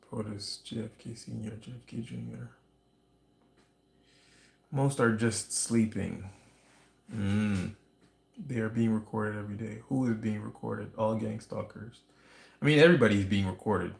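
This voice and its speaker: A man's voice: fairly low pitch, measured pace, vocal fry, pauses often, darkish tone. A man hosting a livestream, talking in a rambling, conspiratorial monologue with restarts and wry asides. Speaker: livestream host. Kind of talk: casual ranting monologue. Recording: roomy echo.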